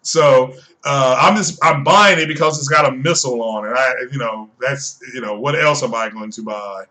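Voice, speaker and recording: A man chatting casually on a live stream, excitable and rambling, often repeating himself. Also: medium pitch, moderate pace.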